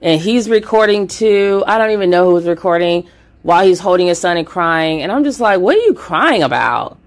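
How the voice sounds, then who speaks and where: A woman's voice: fairly low pitch, a little fast. A woman giving a blunt, heated commentary monologue, with frequent swearing. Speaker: commentary vlogger.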